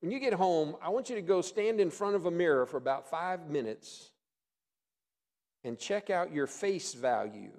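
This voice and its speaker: Pastor, male, fairly high voice; emphatic sermon delivery with folksy humor and big swings between loud and soft. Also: animated, normal speed. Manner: emphatic, rises and drops in volume for effect.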